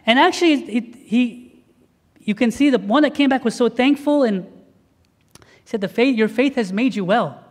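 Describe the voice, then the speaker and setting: A man, a priest, giving a sermon and telling a story with lively acted-out dialogue. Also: very high-pitched, a little slow, long pauses, long reverb tail. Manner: animated storytelling, acting out dialogue.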